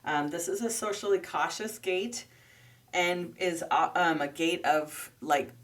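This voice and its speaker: Low woman host, explaining, pauses to check herself, mic a bit far off. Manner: thoughtful, pauses to check details. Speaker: podcast host and teacher. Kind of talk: explanatory talk.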